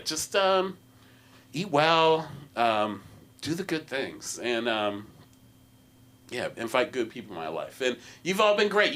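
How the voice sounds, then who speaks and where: A man closing his open mic set on a club stage, speaking softly and haltingly with many pauses. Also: mid-range voice. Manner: halting, soft, many fillers. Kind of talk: stand-up closing remarks.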